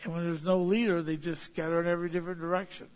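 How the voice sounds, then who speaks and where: A man's voice: a little high, level tone, very fast. A man preaching a folksy, illustrative sermon, rising to sudden emphatic points.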